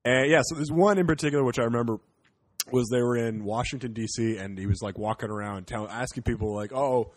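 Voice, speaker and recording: A man's voice: medium pitch, fast, dry recording. A man from Canada, a comedian, rambling and joking in casual podcast chat with some swearing.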